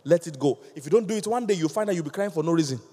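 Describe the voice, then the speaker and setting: A man preaching a lively sermon, acting out little scenes and laughing with his listeners. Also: a little high, rapid-fire, long reverb tail, slight background noise. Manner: animated, acts out voices, laughs with the congregation.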